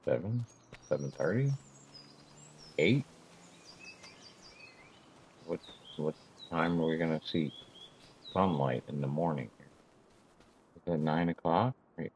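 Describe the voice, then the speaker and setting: A man's voice: extremely low pitch, animated, a little slow, pauses often, husky, muffled recording. A man casually talking to himself while playing a farming game, rambling and now and then ranting in disbelief. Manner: talks to himself, rambling, flares into exasperated rants. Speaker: gaming streamer. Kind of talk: casual gameplay commentary.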